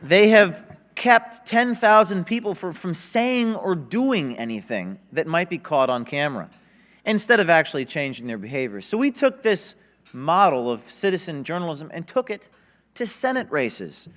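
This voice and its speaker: A man's voice: on the high side, very animated, normal speed, fairly bright tone. Emphatic man giving a conference speech. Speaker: conference speaker. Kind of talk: public speech. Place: conference stage.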